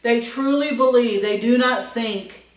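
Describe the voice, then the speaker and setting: A woman's voice: a little high, measured pace, distant mic. A woman hosting a weekly devotional talk in an earnest, chatty way, repeating her points and asking listeners questions. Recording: roomy sound from off-mic.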